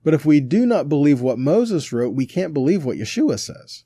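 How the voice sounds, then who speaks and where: A man with a warm, mellow voice leads a relaxed Bible teaching, reading scripture aloud and pausing for rhetorical check-ins. His pitch sits in an ordinary middle range. The recording is dry and close, with no room sound. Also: no echo.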